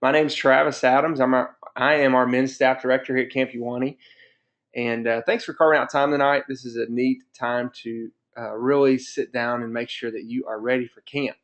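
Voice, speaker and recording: A man's voice: medium pitch, fairly even intonation, moderate pace. A man in his thirties, a camp staff director hosting a parent webinar, telling stories in an upbeat, chatty way. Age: 30s. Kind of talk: presenting a webinar with personal stories. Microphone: computer mic on a webinar. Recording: dull lo-fi webinar audio.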